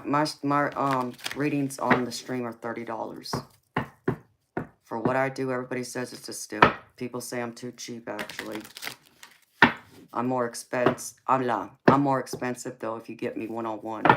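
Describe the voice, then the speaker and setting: A woman hosting a tarot live stream with a raspy voice. She answers viewers in a casual, forthright way and calls them baby and honey. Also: extremely low pitch. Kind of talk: casual live-stream chat reading comments. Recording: clear background noise.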